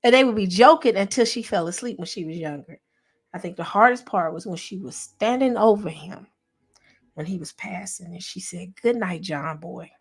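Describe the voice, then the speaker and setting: A woman chatting casually to her viewers in a livestream, speaking softly and reflectively, answering their comments and now and then dropping to a whisper. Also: mid-range voice, moderate pace, creaky, husky. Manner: talks directly to viewers, reads and answers chat comments; soft and reflective, sometimes drops to a whisper. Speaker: vlogger and channel host. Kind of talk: casual heartfelt livestream chat.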